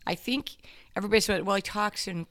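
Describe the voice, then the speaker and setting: A man in a casual faith discussion, talking reflectively and haltingly, often restarting his sentences. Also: high voice, sharp tone.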